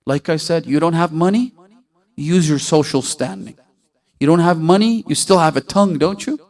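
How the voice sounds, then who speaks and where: A man preaching a sermon, telling stories with passion and asking his listeners rhetorical questions. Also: moderate pace. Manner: impassioned storytelling, asks listeners rhetorical questions; voice swells loud and high at emotional peaks.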